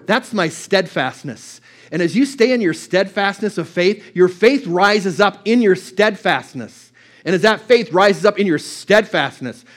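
A man with a notably high voice delivers a fervent sermon. He presses each point home, circling back to the same scripture line over and over. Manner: impassioned, repeats scripture over and over. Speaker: pastor.

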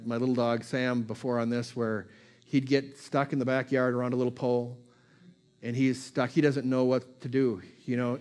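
A man's voice: medium pitch, darkish tone. A male pastor giving a conversational sermon, repeating phrases and building emphasis with informal asides.

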